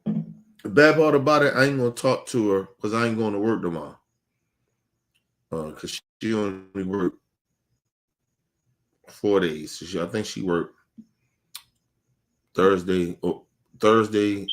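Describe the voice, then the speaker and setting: Older guy rambling a story on his podcast, cussing a lot, gets loud and high quoting himself. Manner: rambling, profane, animated when quoting himself. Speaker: podcast host. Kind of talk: casual storytelling chat.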